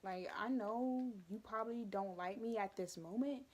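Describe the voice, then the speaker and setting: A young woman telling a school story for her vlog, animated and dramatic with lots of asides. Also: medium pitch, normal speed. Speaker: vlogger.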